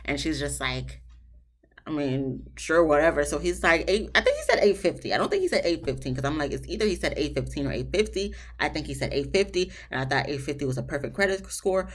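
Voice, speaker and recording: A woman hosting a casual reality TV recap, chatty and opinionated. She addresses the couples directly and jumps to a high, emphatic pitch when she does. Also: big pitch swings, a little fast. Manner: talks straight to the people on the show, laughing at her own asides. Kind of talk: casual episode recap commentary.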